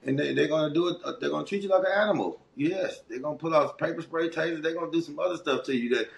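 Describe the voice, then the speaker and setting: A middle-aged man from Los Angeles with a local accent tells his life story as an interview guest, in a casual, animated, streetwise and heartfelt way. His voice is a little high, fast and gravelly, and the recording sounds roomy.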